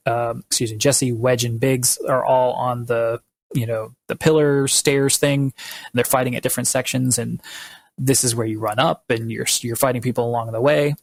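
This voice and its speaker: A man's voice: mid-range voice, creaky. A man co-hosting a podcast, recapping at length in a loose, rambling way with lots of fillers. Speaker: podcast co-host. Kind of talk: casual podcast chat.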